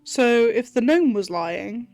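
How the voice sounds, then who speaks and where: A woman's voice: a little high, animated, takes it slowly, a little mellow, no room sound, faint music behind. Woman streamer reading game text aloud. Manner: chatty, playful, puzzling things over.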